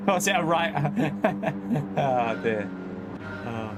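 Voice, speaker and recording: This racing game streamer speaks extremely slowly in a fairly high, animated voice, ranting indignantly at chat and laughing frequently. Music plays under his live commentary, and engine sounds make the recording noisy.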